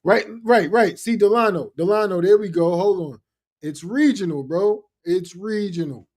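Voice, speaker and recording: A man holds forth in a loose podcast chat, hammering his point by repeating phrases. His voice sits a bit high. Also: moderate pace, a little mellow. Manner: emphatic, repeats phrases for effect. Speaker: podcast co-host. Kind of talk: casual chat.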